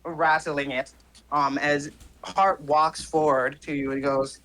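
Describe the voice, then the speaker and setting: A man's voice: a little high, level tone, slow, a bit bright, rough recording. A man narrating as game master of a tabletop game, casual and full of fillers and self-corrections.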